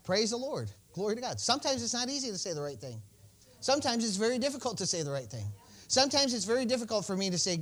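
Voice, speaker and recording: High-voiced man preaching a folksy sermon. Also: sing-song, quick pace. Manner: folksy, joking, swings from soft asides to bold shouts. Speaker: pastor.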